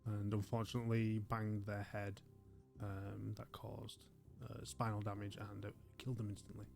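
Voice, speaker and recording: A man's voice: fairly low pitch, monotone, moderate pace, gravelly, darkish tone, faint music behind. A man voicing a perplexed adult ship's doctor who talks in a polite, hesitant, awkward way. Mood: clinical, lecturing.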